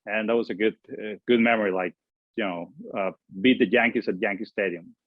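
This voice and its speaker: A man from Mexico who speaks English, telling stories as an interview guest in halting sentences full of fillers and restarts. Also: on the low side, fairly even intonation, no echo. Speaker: former baseball pitcher, guest. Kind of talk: storytelling interview answers. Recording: tinny dry phone-like line.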